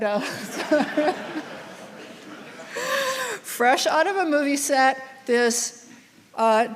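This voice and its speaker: An older woman speaking from a stage in a big conference hall, her voice trailing into a long reverb. She delivers a formal tribute at a measured, hesitant pace, pausing often and sounding fond of the person she honors. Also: a little high. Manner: warm, measured, with frequent hesitations. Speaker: award presenter giving a laudation.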